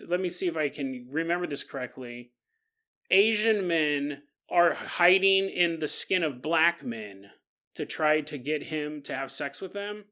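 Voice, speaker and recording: A man's voice: on the high side, pushed and bright. A man hosting a podcast in a casual, joking monologue, laughing often and making asides to listeners. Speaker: podcast host.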